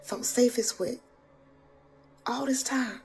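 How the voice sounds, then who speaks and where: A woman telling a scary story in a casual, colloquial way, slipping into hushed whispers at the tense parts. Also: on the high side, slow pace, vocal fry. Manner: colloquial, chatty. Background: background music.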